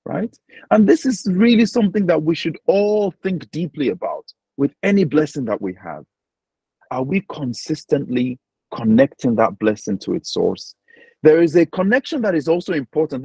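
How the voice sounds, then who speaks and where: A man's voice: on the high side, a little mellow, breathy edge, no echo, poor audio. A man, speaking as an imam giving a Ramadan reflection, acting out quoted voices and often checking in with "right?".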